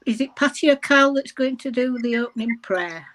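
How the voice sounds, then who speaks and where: A woman's voice: fairly high pitch, normal speed, a bit bright. A woman minister introducing a church service and inviting a prayer in a friendly way.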